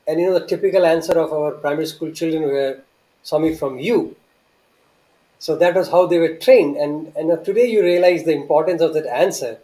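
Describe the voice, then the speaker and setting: A man's voice: a little high, dark tone, rough recording. A man, telling an earnest, reverent story from his student days with many restarts and rhetorical questions. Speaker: guest recounting memories.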